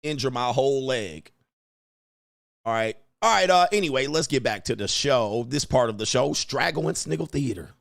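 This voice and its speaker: A man's voice: medium pitch, expressive, normal speed, creaky. A man hosting crude casual commentary, laughing and swearing as he tells stories. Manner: profane, laughing, storytelling. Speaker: livestream commentary host.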